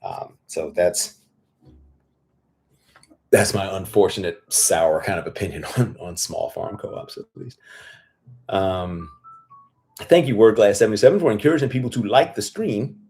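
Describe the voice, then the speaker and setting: A hoarse male farmer hosting a casual livestream Q&A, blunt and profane, rambling with lots of fillers. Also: fairly low pitch, measured pace, pauses often, a little mellow, faint music behind. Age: adult with children. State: losing his voice, hoarse.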